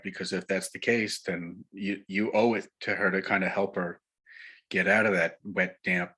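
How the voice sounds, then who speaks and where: A man in casual chat, relaxed and offering suggestions. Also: low voice, normal speed, slightly rough. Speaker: podcast guest.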